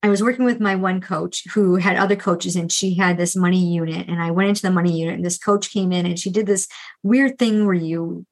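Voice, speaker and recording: A middle-aged woman who works as a financial coach speaks candidly and earnestly about her own history with debt in a solo podcast monologue. Her voice is lowish and steady as she restarts often and slips in quick asides. The recording quality is low.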